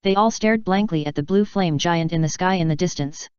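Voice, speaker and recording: A woman reads a novel aloud in steady, scripted audiobook narration. Her voice sits a little low and comes across very smooth and clean. The recording is dry and close, with a slightly dull, muffled tone. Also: a little fast, no room sound.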